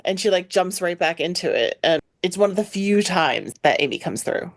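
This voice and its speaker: A woman's voice: lowish voice, normal speed, hardly any pauses. A woman co-hosting a podcast in casual chat, talking with gushing fan enthusiasm. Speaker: podcast co-host.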